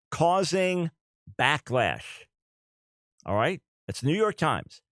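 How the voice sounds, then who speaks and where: A man's voice: on the high side, very animated, slow pace, no room sound. A middle-aged man hosting a talk radio show, speaking earnestly and emphatically, repeating his key points.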